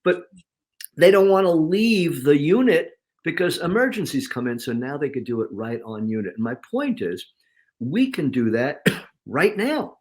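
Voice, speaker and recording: A man as an interview guest, talking in an animated way and acting out inner voices in quotes. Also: fairly high pitch, moderate pace. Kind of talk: casual interview talk.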